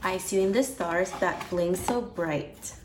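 A woman slowly and gently reading a picture book aloud to a baby, in a soft sing-song storytime manner. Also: fairly low pitch. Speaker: storybook reader. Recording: roomy echo with steady background noise.

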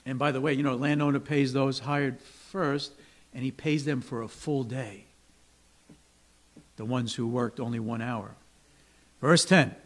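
A man preaching as pastor, conversational, often checking in with his listeners and acting out complaining workers. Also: mid-range voice. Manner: conversational, asks the congregation "right?" often; acts out grumbling workers with raised voice. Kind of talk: sermon. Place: church sanctuary.

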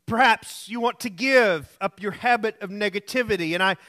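A man's voice: high-pitched, moderate pace, pushed and bright. A male pastor preaching alone in a room, earnest and repetitive, telling anecdotes. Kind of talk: sermon.

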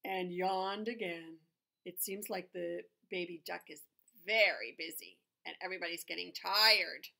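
A woman's voice: lowish voice, measured pace, vocal fry, pushed and bright. A woman reading a picture book aloud, breaking off into chatty asides and acting out the animal sounds. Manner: chatty asides to the listener between pages. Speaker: storybook reader.

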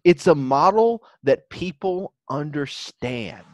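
A man's voice: a little high, lively intonation, takes it slowly, no room sound. A man co-hosting a podcast in casual chat, rambling and often restarting his thoughts. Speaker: podcast co-host.

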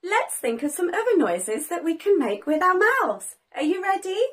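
Very high, lilting woman teaching toddlers. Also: big pitch swings. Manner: slow, sing-song, with exaggerated gasps and praise. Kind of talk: children's learning video.

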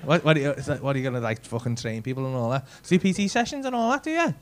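Onstage at a comedy club, a male stand-up with a Liverpool accent does brash, sweary crowd work, teasing the audience. His medium-pitched voice races along with lively intonation, and the live recording picks up the crowd's laughter.

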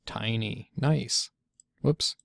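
A man giving a casual software tutorial, chatty and thinking aloud as he clicks through, often stopping to correct himself. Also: mid-range voice, drawn-out words, gravelly. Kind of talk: casual screencast walkthrough.

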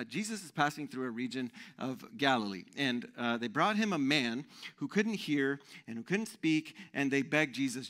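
A man in his thirties preaching a sermon as pastor, conversational and animated, often checking in with the room. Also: fairly high pitch.

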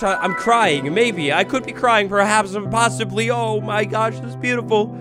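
A young man giving playful Minecraft let's play commentary, excitable and theatrical, with mock outrage. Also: sits high, measured pace. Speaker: gaming YouTuber. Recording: faint background music.

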